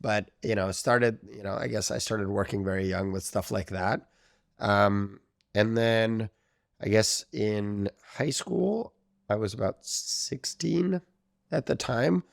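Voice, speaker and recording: Low, gravelly-voiced man telling stories. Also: slow pace, dry recording, studio quality. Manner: rambling, hesitant, heavy on "like" and "I guess". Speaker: podcast guest, tech founder. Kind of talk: casual interview storytelling.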